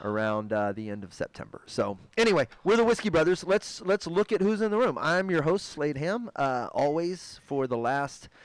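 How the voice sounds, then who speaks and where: A man hosting a casual podcast, talking in a loose, rambling way that turns loud and mocking in jokes. His voice sits on the high side. The sound is close and dry, with no room behind it. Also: sing-song, moderate pace, hardly any pauses, smooth, dry recording. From United States. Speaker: podcast host. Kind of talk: casual chat.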